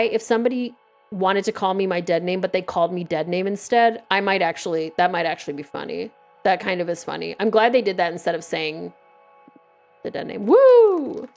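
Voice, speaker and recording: Gravelly-voiced woman streamer, profane and wry. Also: lowish voice, fairly quick, soft background music. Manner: profane, wry, reading game text aloud. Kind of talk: casual gameplay commentary.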